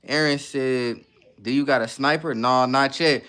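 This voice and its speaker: A man hosting a casual livestream, reading viewer comments aloud and greeting people by name with quick, laid-back replies. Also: mid-range voice, steady tone, a bit bright, smooth. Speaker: livestream host.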